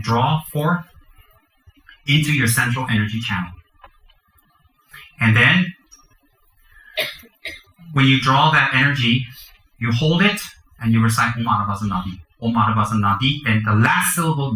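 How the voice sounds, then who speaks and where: A man's voice: mid-range voice, sharp tone, reverberant, poor audio. A man, a Buddhist teacher, giving a dharma teaching to a group, chanting mantras and explaining the practice with joking asides.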